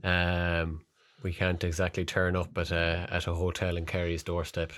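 A young Irish man co-hosting a podcast in casual banter, jokey and halting, laughing often. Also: low-pitched, monotone, fairly bright tone, dry recording, clean studio sound. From Ireland. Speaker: podcast co-host.

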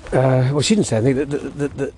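A podcast host strolls outdoors with his dog, spinning a loose storytelling monologue and breaking off now and then to talk to it. His medium-pitched voice is warm and fast, with slight background noise.

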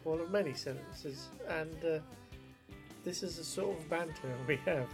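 A man's voice: on the high side, normal speed, vocal fry, over music. A man co-hosting a podcast, chatting casually with wry, dry quips. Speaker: podcast co-host. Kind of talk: casual chat.

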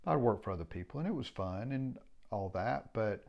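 A middle-aged man with a low voice speaks in a loose, rambling way, frank and plain-spoken, with an occasional curse. The recording sounds dull and lo-fi, as if the high end has been shaved off. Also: lively intonation, normal speed, vocal fry, a little mellow. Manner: rambling, frank, swears casually. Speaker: home builder, business owner. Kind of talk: casual reflective monologue.

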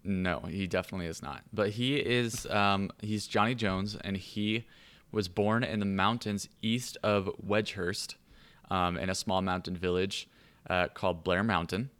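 Deep-voiced man rambling through a backstory. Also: steady tone, unhurried, a bit bright, clear, resonant tone. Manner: rambling storyteller, many fillers. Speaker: player describing his character. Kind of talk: casual podcast chat.

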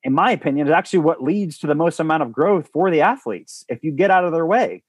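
A man's voice: a little high, animated, quick pace, breathy edge, no echo. A man talking about coaching in a podcast conversation, earnest and rambling, with many restarts and fillers. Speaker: guest, former baseball coach.

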